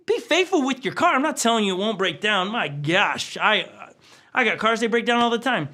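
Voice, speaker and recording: A middle-aged pastor preaching with a high, bright voice. He keeps it lively and jokey, and he often acts out the voices he quotes. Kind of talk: sermon. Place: church stage.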